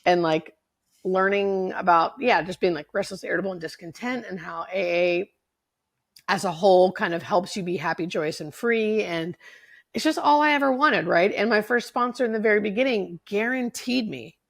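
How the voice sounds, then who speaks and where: Woman in her 40s, podcast guest, candid storyteller, swears freely, a bit of vocal fry. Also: mid-range voice, moderate pace. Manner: candid, swears freely, acts out what others said. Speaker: podcast guest, hospice nurse.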